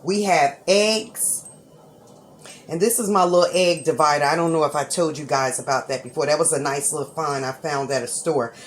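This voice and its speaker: Her voice sits low as she hosts her cooking channel, talking casually through a recipe in her home kitchen. Frequent "right?" and "okay?" check-ins, easy laughter, and occasional bursts of fast talk mark her style. There's a little hiss or hum.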